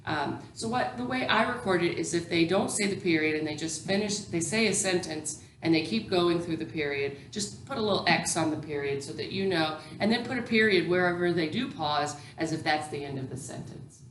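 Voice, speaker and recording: Low-voiced woman lecturing on reading. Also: expressive, fairly quick, few pauses, roomy sound, a little hiss or hum. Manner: explanatory, with frequent ums and restarts. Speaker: teacher educator. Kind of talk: recorded lecture.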